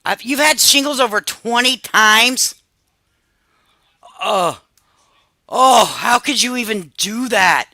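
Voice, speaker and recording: Bright-voiced woman chatting loosely on stream. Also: fairly high pitch, slow, long pauses, no room sound. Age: 50s. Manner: animated, swears freely, confides to chat. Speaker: live stream host. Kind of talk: casual live-stream chat.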